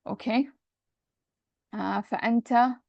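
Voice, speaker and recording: A woman's voice: fairly high pitch, fairly even intonation, a little slow, creaky, mellow, dry recording. Woman teaching Arabic grammar, muffled sound. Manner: explains step by step, mixing English with Arabic terms, self-correcting. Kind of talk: classroom lesson explaining Arabic grammar.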